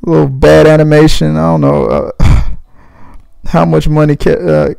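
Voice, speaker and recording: Young guy, podcast host, very gravelly voice, dry close sound, loose and cursing. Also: fairly high pitch, level tone, a little slow, mellow, dry recording, poor audio. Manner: rambling, profane, laid-back. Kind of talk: casual movie commentary.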